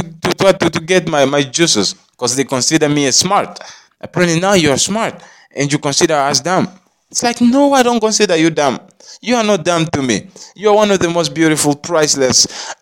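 A man rambling to his viewers in a preachy monologue, repeating himself and often asking if they understand him. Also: a little high. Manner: rambling, repetitive, preachy, swears, keeps asking "you understand me?". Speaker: vlogger.

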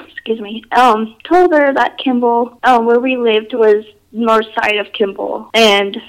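In poor audio, a woman with a fairly high voice recounts her own ghost experiences at an unhurried pace. Her casual storytelling rambles, heavy with fillers, restarts, and frequent "like."

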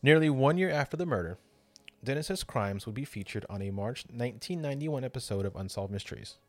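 A man's voice: medium pitch, expressive, fairly quick, no echo. A man hosting a podcast, narrating a true crime story with drama and casual swearing. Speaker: podcast host.

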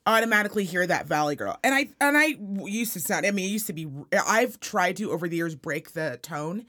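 A young woman from Reno co-hosting a podcast in casual chat, talkative and quick to swear and laugh. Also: lowish voice, animated, sharp tone. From Reno, Nevada. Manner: chatty, swears freely, laughs often. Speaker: podcast co-host.

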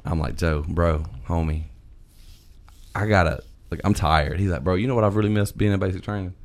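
Very deep-voiced man telling a story. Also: a little fast. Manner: animated, swears, quotes friends. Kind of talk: casual chat, storytelling.

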